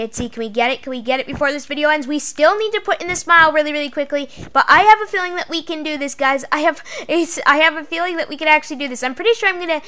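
A woman's voice: high voice, bright, forceful tone. A woman hosting her own gaming channel in casual gameplay commentary, chatty and counting aloud as she talks to her viewers.

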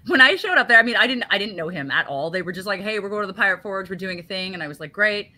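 A young adult woman, a guest on a live online interview, telling stories in a casual, animated way with blunt short answers. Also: medium pitch, fast talker. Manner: animated storyteller, blunt one-word answers. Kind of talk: casual live-stream chat.

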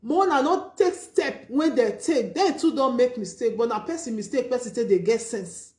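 A Nigerian woman hosts a casual live stream as a vlogger, handing out emphatic, preachy advice in a Nigerian Pidgin English accent. Her voice is slightly high and darkish, at a moderate pace, with a roomy sound.

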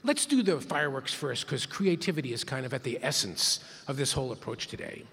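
A man's voice: medium pitch, very animated, a little fast, vocal fry, a bit bright, slightly rough. A man giving a playful keynote talk, leading the audience in call-and-response counts in a large conference hall. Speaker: keynote speaker. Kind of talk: interactive plenary talk.

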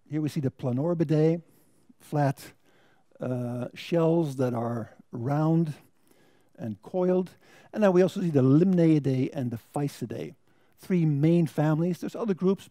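A middle-aged man with an American accent giving a measured academic lecture as a guest speaker, thoughtful and with dry humor. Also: fairly high pitch, warm tone, no echo.

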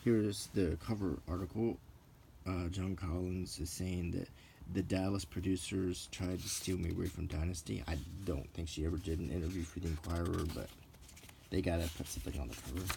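A middle-aged man with a deep, gravelly voice talks through a show-and-tell in a soft, unhurried way. His mellow tone drifts along with plenty of ums and small corrections, and faint noise sits under the voice. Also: fairly even intonation. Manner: meandering and unhurried, with frequent ums and self-corrections. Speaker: vlogger.

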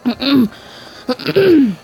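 A man's voice: very high voice, sing-song, very slow, a little mellow, soft background music, low-quality recording. A young male gamer with a sick, congested voice, chatting aimlessly to viewers while playing. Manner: rambling, chatty asides to viewers. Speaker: gaming channel host. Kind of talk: let's-play game commentary.

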